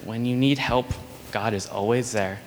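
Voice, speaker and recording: Storytelling man for a children's sermon, lively, does little voices, in a hall with a long echo. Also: mid-range voice, moderate pace, soft background music. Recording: long reverb of a large hall.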